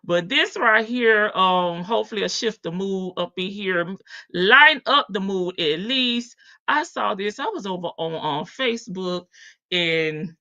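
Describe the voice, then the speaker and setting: A woman's voice: mid-range voice, lively intonation, measured pace, pushed and bright, highs cut off. A woman hosting a true crime live stream, chatting casually and playfully with her viewers and laughing often.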